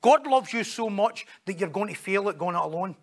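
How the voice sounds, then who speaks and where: High gravelly Scottish preacher. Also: male voice, animated, a little fast. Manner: storytelling, joking, acts out quoted voices. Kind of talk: sermon.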